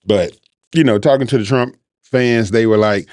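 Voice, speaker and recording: A man's voice: mid-range voice, normal speed, long pauses, darkish tone, dry recording, studio quality. A man hosting a show, talking in a loose, rambling, informal monologue. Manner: rambling, conversational, informal speech. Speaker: podcast host. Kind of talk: casual monologue.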